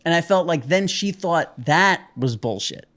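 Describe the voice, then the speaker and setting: A man's voice: fairly high pitch, animated, moderate pace, a bit bright. A man co-hosting a podcast, chatting casually and rambling through a story about his relationship. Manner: rambling, retells arguments with acted quotes. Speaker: podcast co-host. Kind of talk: casual chat.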